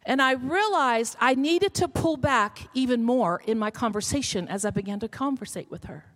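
A woman's voice: fairly high pitch, lively intonation, normal speed. A middle-aged woman pastor, telling a story in a sermon that builds to emphatic calls.

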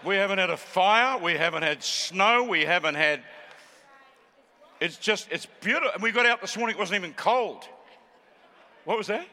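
Bright-voiced old Australian preacher. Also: male voice, sits high, lively intonation, normal speed, long pauses, big-room sound. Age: 70s. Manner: chatty and joking, building to fervent shouting. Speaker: guest preacher. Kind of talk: sermon with joking banter.

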